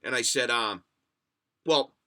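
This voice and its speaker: A man's voice: medium pitch, lively intonation, normal speed, pushed and bright, a little hiss or hum. A man from the United States hosting a livestream podcast, rambling and swearing as he tells stories and reads chat comments. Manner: rambling, profane storyteller reading chat comments.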